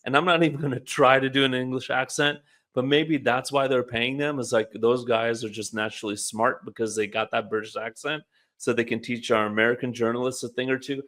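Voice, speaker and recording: A man's voice: medium pitch, steady tone, brisk, fairly bright tone. A man co-hosting a political talk show, casual and wry, musing aloud with rhetorical questions. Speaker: podcast co-host. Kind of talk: political commentary chat.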